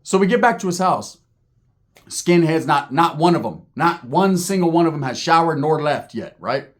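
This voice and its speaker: A man's voice: fairly high pitch, lively intonation, moderate pace. A middle-aged man casually telling a profane prison-life story, acting out the people he quotes. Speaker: storyteller guest.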